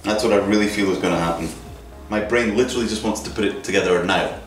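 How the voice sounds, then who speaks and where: Low-ish guy vlogging his build, chatty, making little beep noises, echoey room with music on. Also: fast talker, far from the mic. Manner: chatty, thinks aloud with sound effects. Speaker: maker vlogger. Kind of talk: casual workshop narration. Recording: roomy sound with music behind.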